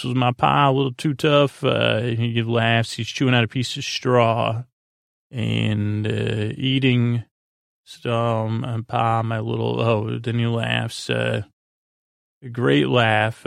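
Man, podcast host, casual rambling recap, gravelly, flat delivery, dry close sound. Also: medium pitch, dry recording. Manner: rambling, many filler "uh"s, quotes characters in his own voice.

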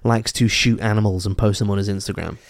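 A man's voice: on the low side, steady tone, fast talker, gravelly, dry recording, studio quality. A man co-hosting a comedy podcast, chatting casually and spinning playful, silly riffs. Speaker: podcast co-host.

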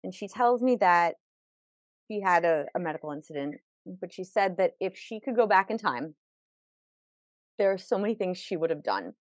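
A woman's voice: lowish voice, animated, moderate pace, pauses often, no room sound. Woman telling a vivid personal story. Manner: vivid, acts out quoted people; repeats words when emotional. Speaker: podcast guest.

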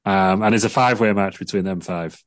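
A man's voice: steady tone, brisk, no room sound, studio quality. A British man chatting casually about wrestling as a podcast co-host, acting out wrestlers' lines with laughs. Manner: acts out wrestlers' lines in big high voices, laughs often.

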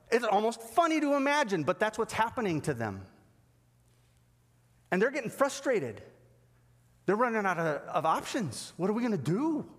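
A man preaching a sermon as pastor, animated and acting out the voices he quotes. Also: high voice, in a large hall. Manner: animated, acts out quoted dialogue.

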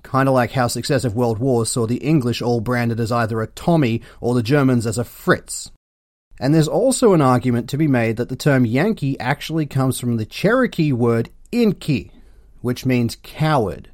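A man with an Australian accent hosting a comedic history podcast, delivering sarcastic, deadpan jokes. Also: mid-range voice, moderate pace, no echo, studio quality. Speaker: podcast host.

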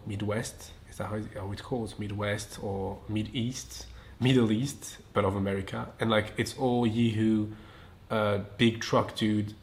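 Rambling French-accented man, low voice. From France. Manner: casual, swears freely, laughs often, wanders off on tangents. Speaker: podcast host. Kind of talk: rambling solo podcast chat.

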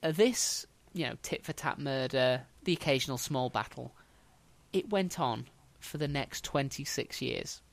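A man's voice: mid-range voice, measured pace, gravelly. A man hosting a podcast, telling history as a casual story with dry, wry humour.

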